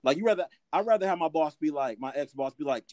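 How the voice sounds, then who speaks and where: A man's voice: on the high side, animated, quick pace, darkish tone, no room sound. A man co-hosting a casual podcast chat, joking around with profanity and laughter. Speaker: podcast co-host.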